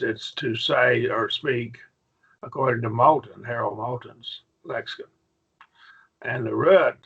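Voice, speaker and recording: Brief: male Bible-Greek teacher, gravelly and husky, patient, dull lo-fi classroom sound. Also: medium pitch, a bit bright. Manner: patient, checks in with "okay?" often. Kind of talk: classroom lesson.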